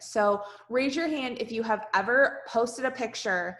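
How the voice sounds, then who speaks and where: A woman's voice: a little high, a little slow, a bit bright. Emphatic woman leading her team. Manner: direct, emphatic, repeats for emphasis. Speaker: team leader. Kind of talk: motivational talk on a video call.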